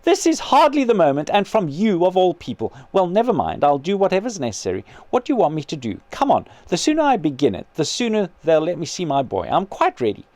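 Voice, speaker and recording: A man's voice: sits high, wildly swooping pitch, brisk, hardly any pauses, darkish tone, dry recording. A man reading aloud and voicing a grieving, possessive ghost mother who snaps and demands indignantly. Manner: petulant, snapping, indignant.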